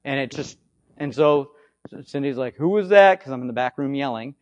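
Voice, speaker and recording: A man with a slightly hoarse voice, giving an informal teaching on faith healing, swinging between loud bursts and low asides and often checking in with "okay?". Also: fairly even intonation, normal speed, dry recording. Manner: repetitive, conversational, frequent "okay?" check-ins. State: hoarse from frequent yelling.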